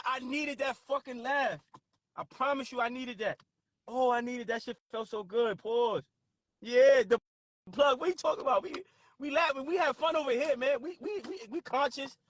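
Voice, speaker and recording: A man hosting a casual livestream, laughing often and reacting loudly and profanely to his chat. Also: extremely high pitch, steady tone, moderate pace. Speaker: livestream host.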